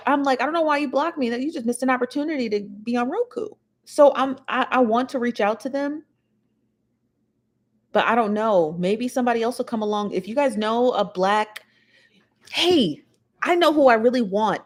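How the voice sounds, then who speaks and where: A woman hosting a casual livestream, rambling and chatty as she talks straight to her viewers. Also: medium pitch. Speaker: show host.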